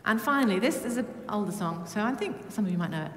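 A woman from Britain preaching a lively, humorous sermon to her church. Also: mid-range voice, fast talker. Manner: humming song snippets. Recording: echoey church with long reverb.

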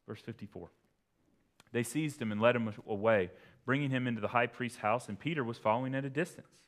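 A pastor giving an expository sermon in a conversational way, breaking into sudden emphatic bursts. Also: male voice, medium pitch, brisk.

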